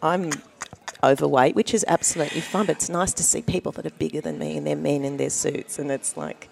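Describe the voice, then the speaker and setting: A woman's voice: sits low, vocal fry, slight background noise. Self-mocking Australian woman comedian. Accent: Australian with a mixed American sound. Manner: self-mocking, quick deadpan asides. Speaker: stand-up comedian guest. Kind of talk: casual comic interview chat. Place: busy event floor.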